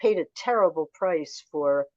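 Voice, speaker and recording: A woman in her seventies, a memoir author telling lively anecdotes as a guest in a podcast interview. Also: deep voice, unhurried, dry recording, muffled recording. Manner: animated anecdotal storyteller.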